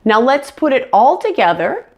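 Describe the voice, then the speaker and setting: A woman teaching English pronunciation, clearly modeling words for learners to repeat. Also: sits high, very animated, moderate pace. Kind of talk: online pronunciation lesson. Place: indoors, on camera.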